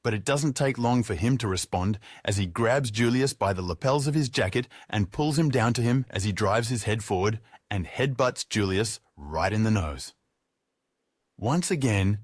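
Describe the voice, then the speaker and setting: A man's voice: medium pitch, no room sound, studio quality. Wry man narrating an audiobook. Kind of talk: first-person audiobook narration.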